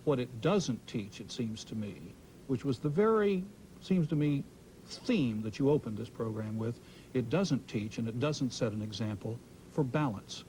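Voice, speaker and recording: Male interviewer, mid pitch, persistent and measured; faint rumble behind. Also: lively intonation, darkish tone, poor audio. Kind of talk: probing interview questions.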